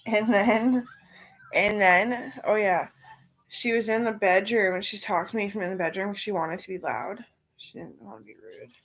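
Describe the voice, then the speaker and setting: Woman chatting thru her makeup, retelling convos back and forth, swears kinda casual, goes quiet and soft sometimes. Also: medium pitch, moderate pace, rough recording. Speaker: vlogger. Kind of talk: casual storytelling while doing makeup.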